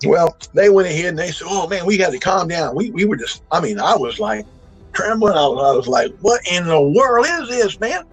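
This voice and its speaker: A man in his 60s with a fairly high, expressive voice speaks briskly over faint background music on a rough recording. As an eyewitness, he recounts a true encounter in a folksy, rambling way, full of restarts and emphatic bursts.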